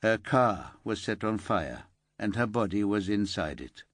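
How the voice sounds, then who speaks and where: A man reads a tired police inspector delivering terrible news with care. He speaks low and unhurried, measured and subdued. The sound is close and dry. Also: expressive, no room sound. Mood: subdued gentle. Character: weary male police inspector, careful and gentle.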